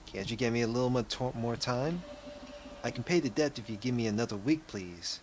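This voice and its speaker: A man's voice: medium pitch, brisk, darkish tone, a little hiss or hum, natural voice. A man voicing a polite, sorrowful elderly widow in a pleading, apologetic manner.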